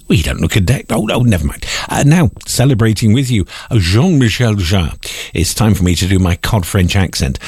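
Male radio host, lively swooping delivery, rambling and wry, dry close sound. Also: lowish voice, moderate pace, slightly rough, no echo. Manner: rambling, wry, jokes and corrects himself. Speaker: radio presenter. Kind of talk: casual radio chat.

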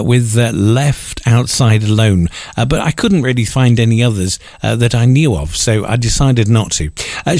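A man's voice: mid-range voice, a little mellow, dry recording, studio quality. A male radio presenter reading out a birthday roundup in a chatty way, adding wry asides.

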